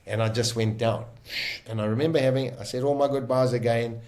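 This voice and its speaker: A South African man, a podcast guest, vividly retelling a dramatic survival story in the first person, emphatic and quick to restart his sentences. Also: medium pitch, steady tone, a little mellow.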